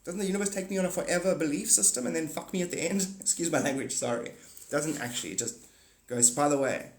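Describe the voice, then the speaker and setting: A man's voice: on the high side, fast, reverberant. A man hosting a casual livestream, talking to viewers in a rambling, blunt and profane way. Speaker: livestream host.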